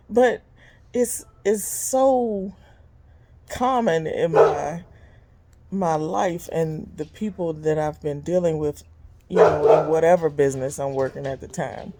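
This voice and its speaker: A woman in her fifties, hosting her own vlog, vents in a blunt, casual monologue. She is animated and exasperated, with sudden leaps in pitch and occasional laughs. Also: slow, long pauses, very noisy. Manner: animated and exasperated, big jumps in pitch when quoting people; blunt and conversational, with frequent laughs. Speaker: vlog host and business owner.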